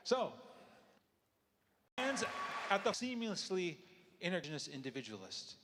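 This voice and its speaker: A man's voice: high-pitched, very animated, measured pace, a bit bright. A man from Oklahoma emceeing a live show on a theatre stage, loose and joking. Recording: theatre with crowd.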